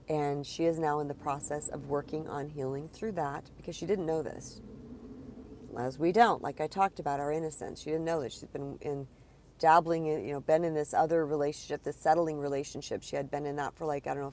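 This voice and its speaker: A woman's voice: deep voice, darkish tone, a little hiss or hum. A woman speaking as a spiritual coach, giving an earnest, encouraging talk to viewers of a live stream in a conversational way.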